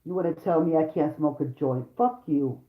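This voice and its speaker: A woman's voice: low-pitched, moderate pace. A woman rants to her viewers in a heated, foul-mouthed stream, repeating her points for emphasis. Her voice carries a roomy echo. The sound is dull and lo-fi. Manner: heated, profane, repetitive, talks straight to viewers. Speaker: vlogger, mother. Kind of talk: angry profane rant to camera.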